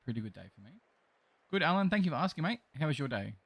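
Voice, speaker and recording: A man's voice: a little high, big pitch swings, quick pace, gravelly, dry recording. An Australian man live streaming a game, chatting casually and greeting his viewers as mate and bro. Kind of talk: casual chat reading live chat while gaming.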